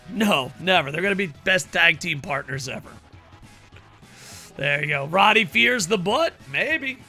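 A man with a high, gravelly voice calls a wrestling video game match for his live-stream chat, sharp and bright in tone. He is playful and hams up announcer-style intros, with faint music running underneath. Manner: playful, ring-announcer flourishes, talks to chat. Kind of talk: casual live-stream commentary.

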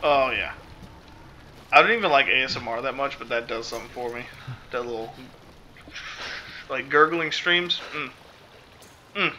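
A man's voice: mid-range voice, moderate pace, long pauses, bright, forceful tone, a little hiss or hum. A man giving casual gameplay commentary, rambling and self-interrupting, full of fillers. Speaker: let's play host.

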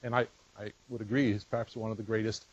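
A man's voice: on the low side, level tone, fast talker, breathy edge, dry recording, lo-fi sound. A man lecturing at a university physics colloquium, explaining step by step with fillers and restarts.

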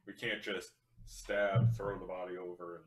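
Confident low-voiced man in an echoey room. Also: level tone, unhurried. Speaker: player. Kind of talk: casual tabletop play. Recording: roomy echo.

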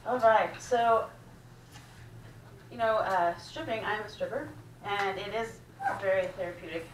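A woman's voice: mid-range voice, a little slow. Blunt, profane woman ranting onstage. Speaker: guest host and stand-up comedian. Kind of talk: stand-up set. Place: small cafe comedy room. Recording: roomy, distant with faint room noise.

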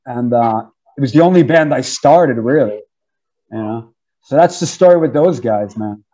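A man in his fifties from New York, an interview guest telling animated, slangy stories about his career with frequent laughs. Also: mid-range voice, moderate pace, low-quality recording. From New York, USA. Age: 50s. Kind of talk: casual storytelling interview.

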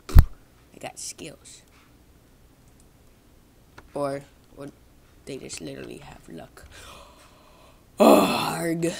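Low, gravelly young woman rambling. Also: dark tone. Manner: rambling, self-mocking, talks to viewers. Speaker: gaming vlogger. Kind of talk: casual gameplay commentary. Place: home, indoors.

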